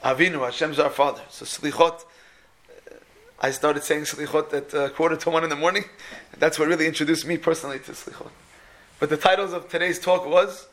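Guy preaching, pretty high voice, bright tone, acts out his stories. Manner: animated storyteller who acts out the people in his stories. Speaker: speaker giving a religious talk. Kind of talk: sermon with storytelling.

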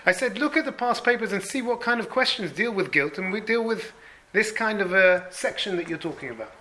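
A man giving a Torah class as a rabbi, telling stories with Hebrew terms and earnest emphasis that rises, then drops to hushed tones. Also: sits high, expressive, brisk, rough recording.

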